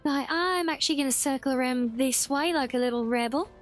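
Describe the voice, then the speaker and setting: High-pitched giggly woman streamer. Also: fairly quick, soft background music. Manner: giggly, bubbly, chatty with chat. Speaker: livestreamer. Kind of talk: casual game-stream chat.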